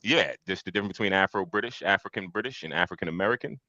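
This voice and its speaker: A man hosting a streamed podcast talk, his very low voice forceful and bright-edged. He muses out loud, circling his points with fillers. The sound is dry and a bit dull, like lo-fi stream audio. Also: rapid-fire, no echo. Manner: reflective, thinks aloud with fillers. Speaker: podcast host. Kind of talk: casual podcast discussion. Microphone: streamed podcast mic.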